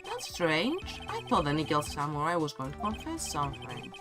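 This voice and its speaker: A man's voice: fairly high pitch, wildly swooping pitch, normal speed, over music. A man voicing an earnest young defense lawyer in a courtroom game, asking questions. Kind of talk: reading game dialogue aloud.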